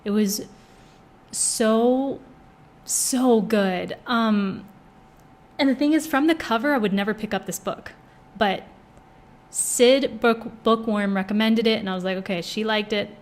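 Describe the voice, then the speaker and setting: A young woman talks casually about the books she has read, chatty and gushing, full of filler words. Her voice sits a little high for a woman. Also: unhurried, pauses often. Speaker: book vlogger. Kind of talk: casual chat book review.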